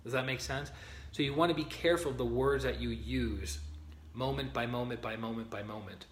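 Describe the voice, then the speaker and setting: A man with a mid-range voice leads a spiritual teaching session in a relaxed, conversational way. He reads passages aloud, stops to greet people by name, and keeps asking whether they follow. The sound carries a roomy echo. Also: mid-range voice, fairly quick, slight background noise. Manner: conversational, greets viewers by name, checks in with "okay?" and "right?". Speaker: spiritual teacher leading a group. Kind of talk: informal livestream teaching, reading aloud from a book.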